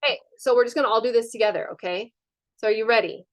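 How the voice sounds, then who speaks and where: A woman's voice: a little high, very fast. A woman presenting a live online wellness workshop over a video call, chatty and upbeat with frequent fillers.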